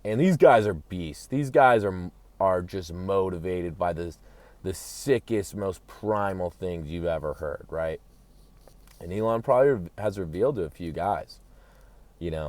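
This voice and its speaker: A man's voice: low-pitched, expressive, moderate pace, darkish tone. A man in a manic, profane comedic rant, rambling and calling himself by a nickname in the third person. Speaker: comedic commentator.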